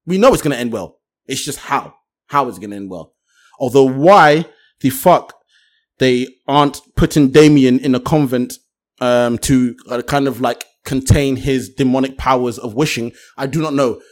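A man co-hosting a casual film podcast, animated, swearing and laughing often. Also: mid-range voice, normal speed. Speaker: podcast co-host.

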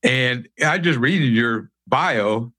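A man's voice: mid-range voice, animated, slow pace, pushed and bright. A man hosting a podcast, asking questions and giving short friendly reactions. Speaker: podcast host. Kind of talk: casual podcast interview.

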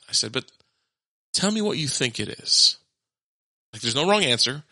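A man's voice: mid-range voice, moderate pace, dry recording. A man in his thirties telling a family story in casual chat, acting out quotes and laughing often. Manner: animated, laughing, acts out quotes.

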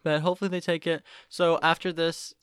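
A woman's voice: fairly low pitch, little pitch movement, fairly quick, clean tone, no room sound. Young woman, twenties, from oklahoma, podcast co-host, self-mocking rambling talk, dry close sound. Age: 20s. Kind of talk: casual podcast chat.

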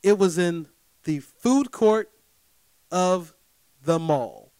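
A man spins a personal story straight to his audience in a slightly high voice, animated and emphatic. He keeps checking in with his listeners and swings from loud bursts to low, muttered asides. The sound is close and dry, with no room around it. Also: extremely slow, clear, resonant tone, no room sound. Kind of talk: casual storytelling monologue.

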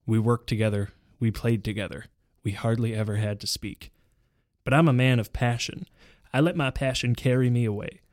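A man's voice: mid-range voice, a little mellow, no echo, clean studio sound, close to an everyday voice. A man voicing a passionate, brooding horseman from a romance story, in an earnest, hammy way.

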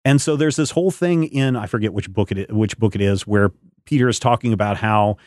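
A man with a fairly low voice hosts a casual podcast chat, rambling along and stopping to hunt for names and details. His voice sits close and dry on the mic, with no room around it. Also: a little fast, darkish tone, dry recording. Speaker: podcast host.

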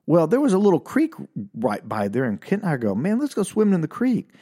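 A middle-aged man, telling a comic personal story in an animated way and laughing at his own punchlines. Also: a little high, a little fast, breathy edge.

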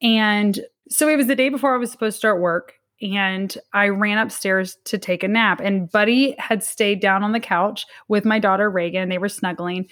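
In an interview, a thirtysomething academic woman shares a personal story, sincere but hesitant, frequently starting her sentences over. Her pitch is medium, her intonation fairly even, and her tone fairly bright.

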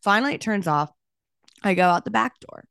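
A young woman, a realtor hosting her own podcast, telling a story in an animated, casual way and saying "like" a lot. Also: mid-range voice, a little fast, creaky, clean tone, no room sound, clean studio sound. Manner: animated, talks with her hands, heavy use of "like".

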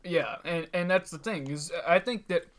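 Bright-voiced laid-back podcast co-host, a man. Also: fairly high pitch, moderate pace. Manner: laid-back, short agreeing replies. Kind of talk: casual podcast chat.

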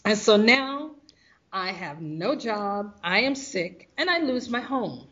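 A woman guest telling a personal story of hardship and faith, animated and acting out the voices of others. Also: medium pitch, takes it slowly, highs cut off. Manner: animated, acts out quoted voices.

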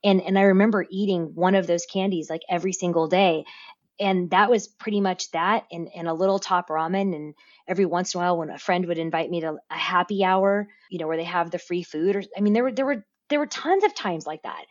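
Animated businesswoman on a dull, lo-fi line. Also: lowish voice, fairly quick. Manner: animated, repeats words and restarts. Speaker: podcast guest, business owner. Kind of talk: casual interview talk.

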